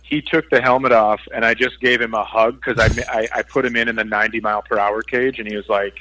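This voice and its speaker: A man's voice: on the low side, level tone, quick pace, sharp tone, slight background noise, poor audio. A man from Minnesota, a stand-up comedian guesting on a podcast, telling stories wryly with dry punchlines. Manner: wry storytelling with dry punchlines. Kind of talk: casual chat.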